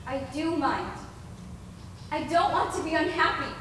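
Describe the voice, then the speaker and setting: A woman's voice: high voice, expressive, measured pace, noisy background. Young actress as plaintive downtrodden girl, school play, heard from afar in a big echoey hall. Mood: wistful. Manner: wistful, plaintive. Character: sad, self-doubting young ash girl. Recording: echoey hall, far from mic.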